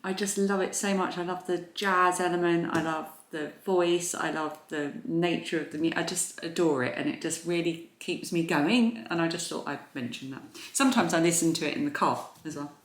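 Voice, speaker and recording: A British crafting YouTuber chats casually in a vlog filmed indoors at home, rambling and hesitating with many fillers and restarts. Her voice is on the low side at a moderate pace with hardly any pauses, and the room is echoey.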